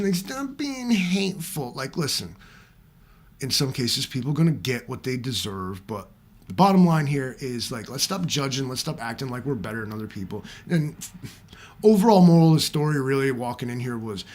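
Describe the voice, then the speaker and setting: A man ranting casually to his viewers in a vlog, rambling and swearing often as he talks straight to them. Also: mid-range voice. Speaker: vlogger. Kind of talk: casual rant to camera.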